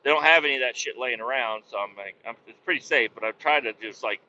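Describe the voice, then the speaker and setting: Over dull, lo-fi audio with faint noise, a man speaks fast in a medium-pitched, sharp-toned voice. He hosts a casual podcast and works as a vac truck operator, and he tells his story in a rambling, exasperated, profane way.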